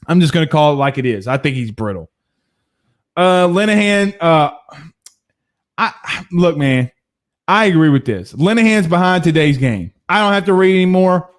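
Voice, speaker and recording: Guy hosting a post-game sports show, high-ish voice, blunt and cussing, laughs a lot. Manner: blunt, heated, profane, laughs often. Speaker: sports show host reading viewer comments.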